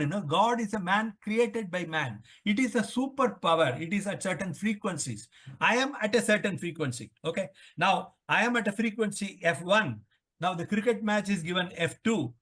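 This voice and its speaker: A man's voice: sits high, expressive, moderate pace, fairly bright tone. An older man with an Indian English accent, explaining ideas at length in an interview, often repeating himself and asking himself questions. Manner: repetitive, lecturing, asks himself questions. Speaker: author interviewed on the Vedas.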